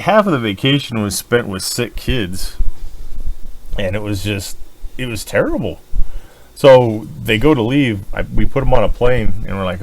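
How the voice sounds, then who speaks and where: A man co-hosting a podcast, telling a crude, animated story with lots of swearing and laughing. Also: on the low side, normal speed, a little hiss or hum. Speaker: podcast co-host. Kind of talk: casual chat.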